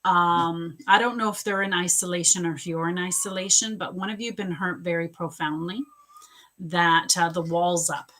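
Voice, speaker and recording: A woman's voice: fairly low pitch, steady tone, normal speed, a bit bright, slight background noise. A woman doing a live psychic reading, chatting casually with viewers, greeting them by name and restarting her sentences often. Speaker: psychic reader on a livestream.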